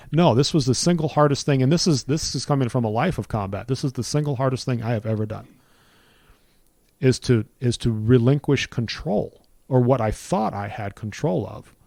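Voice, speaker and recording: A middle-aged man tells his story with earnest conviction, building his points through repetition the way a preacher would. His voice is warm and mellow, sitting in a middle pitch. It is recorded close and dry, with no room sound around it. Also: creaky, dry recording. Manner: earnest, preacherly build-ups with repeated phrases. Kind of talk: personal testimony in conversation.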